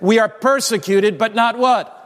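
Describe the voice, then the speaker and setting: Male preacher, high voice, call-and-response sermon, long hall echo. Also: a little slow. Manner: emphatic, prompts congregation to answer. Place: church sanctuary.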